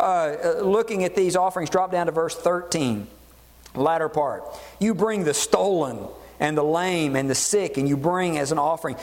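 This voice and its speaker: A man preaching a sermon, animated and acting out voices in the dialogue he quotes. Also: high-pitched, big-room sound. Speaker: pastor.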